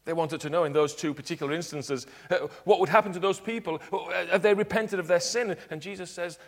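A man preaching a sermon in church, earnest, dropping to quiet emphatic points. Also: high-pitched, a little fast, few pauses. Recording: long hall reverb.

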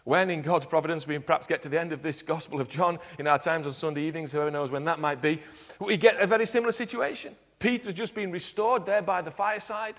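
Preacher with a long hall echo. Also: male voice, a little high, fast talker. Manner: earnest, varies loudness, drops to quiet emphatic points. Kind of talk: sermon. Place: church.

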